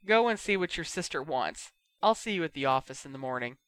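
A man reading a story aloud and voicing an easygoing grown man who speaks in an amused, brisk way. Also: on the high side, animated, fairly bright tone, clean tone, dry recording. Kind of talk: audiobook character voice.

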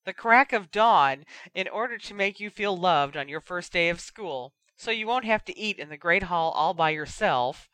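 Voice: medium pitch, animated, normal speed, few pauses, sharp tone, smooth, no room sound. A reader voicing Ron, a sleepy, sulky young wizard who grumbles and sighs dramatically. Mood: grumbling.

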